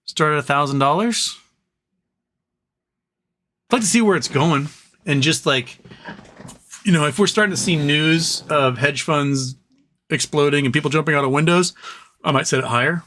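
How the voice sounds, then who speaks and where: A man's voice: a little high, moderate pace, long pauses, sharp tone. Jokey man hosting a livestream. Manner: jokey, rambling, reads viewer messages aloud. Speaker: livestream host reading super chats. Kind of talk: casual livestream chat.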